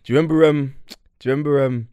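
A young man hosting a casual podcast, relaxed and slangy. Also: medium pitch, rapid-fire, smooth, no echo. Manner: laid-back, slangy, lots of backchannel agreement. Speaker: podcast host. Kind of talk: casual chat.

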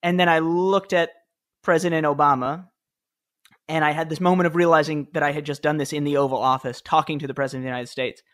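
A man's voice: a little high, fairly even intonation, fast talker, fairly bright tone. A man in his thirties, a podcast guest, telling stories in a chatty, easygoing way with fillers and small laughs. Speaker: podcast guest, former speechwriter. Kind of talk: casual interview storytelling.

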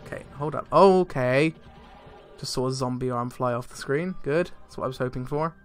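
Excitable young man gaming, swearing freely. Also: mid-range voice, normal speed. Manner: excitable, swears a lot, laughs often. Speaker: let's play gamer. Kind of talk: casual gameplay commentary. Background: faint game music.

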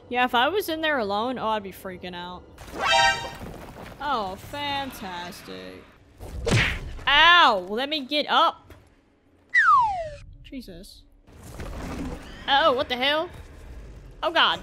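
Over loud music, a woman streams a video game, reacting with jumpy exclamations and talking back at the screen in let's play style. Her high voice has lively intonation, though she speaks slowly and pauses often.

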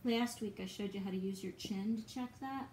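A woman's voice: mid-range voice, normal speed, background noise. A woman teaching a music lesson to young children online, encouraging and patient, often chanting and singing syllables.

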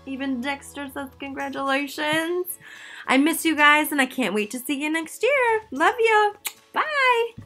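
A woman's voice: high voice, animated, unhurried, bright, forceful tone, soft background music. A woman theater teacher presenting awards in a playful, theatrical, jokey way, often interrupting herself.

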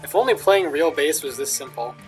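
A man's voice: on the high side, animated, a little fast. A young man casually commentating as he plays a video game, joking and reading the lines aloud. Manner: jokey, reads in-game lines aloud, chuckles often. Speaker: gaming video host. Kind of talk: casual let's play commentary. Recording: faint game music underneath. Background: faint game music.

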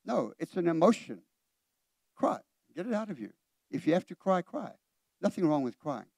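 A middle-aged man preaches a lively sermon and acts out the people he quotes. His voice sits high and has a rough, gravelly edge. The sound is close and dry. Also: moderate pace, dry recording. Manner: animated preaching, acts out quoted voices, direct questions to the congregation. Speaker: pastor. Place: church.

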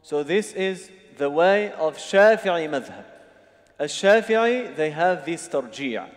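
A man's voice: a little high, lively intonation, slow. A man teaching a religious seminar, explaining step by step and often checking that the audience follows. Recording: long hall reverb.

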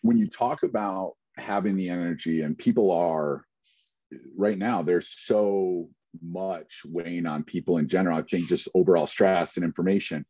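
A man in a casual conversation, setting up his questions in a measured way. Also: low-pitched, animated, mellow, no echo. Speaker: guest co-host. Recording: dull lo-fi sound.

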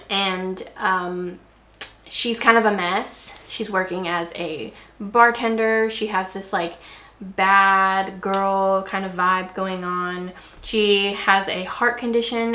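A woman's voice: mid-range voice, pushed and bright. A young woman chatting casually in a book review vlog, rambling with fillers and hiccuping now and then. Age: young adult. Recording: echoey room.

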